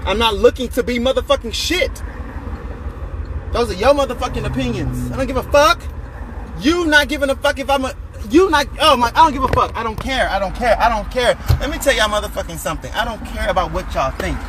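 High-voiced man ranting, heated and profane. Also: fairly quick. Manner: heated, profane, repeats phrases for emphasis. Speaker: vlogger. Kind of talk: angry rant to camera. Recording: noisy outdoor street recording.

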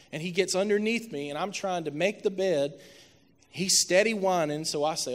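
A man preaching a sermon as a pastor, telling a family story and building to loud, impassioned preaching. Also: fairly high pitch, fairly even intonation, fairly quick. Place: church sanctuary. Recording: reverberant church hall.

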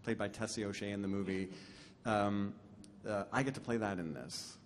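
A man's voice: on the low side, steady tone, moderate pace, a little hiss or hum. A man, a composer and lyricist, chatting casually on stage, enthusiastic and self-deprecating. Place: concert stage. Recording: long hall reverb.

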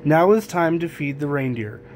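A man's voice: a little high, animated, normal speed, a little mellow, a little hiss or hum, natural voice. A man reading the lines of an old, fretful Santa Claus who grumbles over lost things. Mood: grumbling. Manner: grumbling, gloomy.

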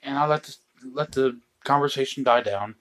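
Middle-aged man, casual storyteller, dry humor, deadpan asides, mid-pitched voice. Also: normal speed. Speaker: host telling stories.

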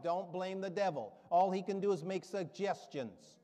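A man's voice: high voice, moderate pace, few pauses, dark tone. A man in his seventies preaching a sermon as a guest preacher, rousing and emphatic, with storytelling asides. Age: 70s. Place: church sanctuary. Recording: reverberant church hall.

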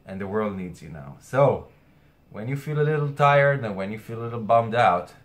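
Earnest low-voiced man giving a spiritual talk. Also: animated, normal speed. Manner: earnest, hesitant, with many restarts and fillers. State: something caught in his throat. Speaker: astrologer. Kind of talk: weekly spiritual message to camera.

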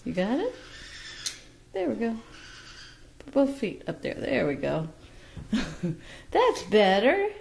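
A woman who breeds parrots, talking casually at home to viewers and cooing to her baby birds in a sing-song voice with soft laughs. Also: mid-range voice, gravelly, a little hiss or hum. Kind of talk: casual chat to camera and baby-talk to birds.

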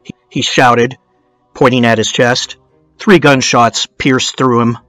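A man's voice: medium pitch, fairly even intonation, takes it slowly, fairly bright tone, dry recording, faint music behind. A man narrating a true-crime documentary in a casual storytelling way, dropping in blunt, swearing asides.

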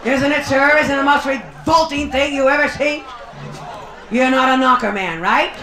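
A high-voiced woman speaking at normal speed does bawdy, brassy stand-up at a nightclub, punchy and drawn out for the audience. The echoey live club recording has a noisy background filled with audience laughter.

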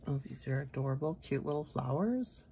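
A woman vlogger narrating a casual unboxing at her desk, chatty and gushing, murmuring asides softly. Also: very deep voice, animated, brisk, slight background noise. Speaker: nail art vlogger. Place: home nail studio desk.

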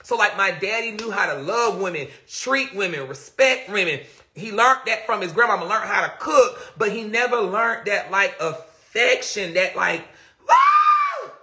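A man on a live stream telling a storytime rant, animated and laughing as he talks straight to his viewers. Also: high voice, normal speed.

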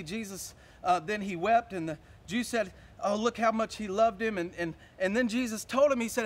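A man with a high voice preaches a sermon. He swings from quiet, slow passages to loud shouts. He often repeats words and restarts his lines. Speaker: pastor.

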